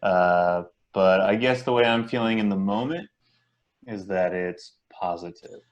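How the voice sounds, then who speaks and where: A male actor being interviewed, talking in a relaxed way and thinking aloud. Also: low-pitched, unhurried, muffled recording. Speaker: actor guest. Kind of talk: casual interview.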